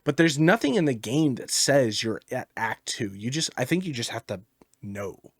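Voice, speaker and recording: A man's voice: mid-range voice, sing-song, moderate pace, dry recording. A man hosting a gaming podcast, telling a rambling, profane story about his game in casual chat. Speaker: podcast host.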